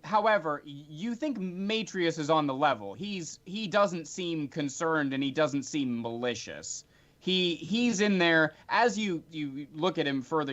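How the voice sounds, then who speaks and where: A man narrating as game master of a tabletop game, unhurried storytelling with fillers. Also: fairly high pitch, a bit bright, highs cut off.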